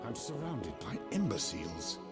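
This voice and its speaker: An actor playing a stern middle-aged king who speaks in a commanding, measured and quietly menacing way. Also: lowish voice, very animated, loud music behind the voice. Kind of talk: video game dialogue.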